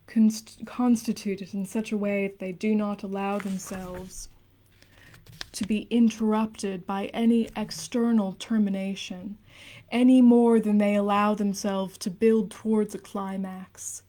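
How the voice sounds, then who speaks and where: A young woman in her twenties reads dense theory aloud on a late-night stream. Her voice is mellow and soft, with little rise and fall. She drops into hushed, casual asides between passages. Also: medium pitch. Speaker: livestreamer reading aloud.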